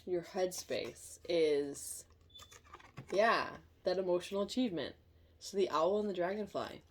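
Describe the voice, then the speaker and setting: A woman giving a casual tarot reading, chatty and thinking aloud, quick to laugh. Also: on the low side, slight background noise. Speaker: tarot reader.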